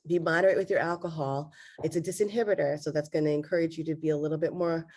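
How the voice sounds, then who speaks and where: A woman's voice: low voice, fast talker. Congested woman giving a medical lecture. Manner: steady explanatory delivery with frequent fillers. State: congested, nasal from allergies. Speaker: laryngologist presenting a lecture.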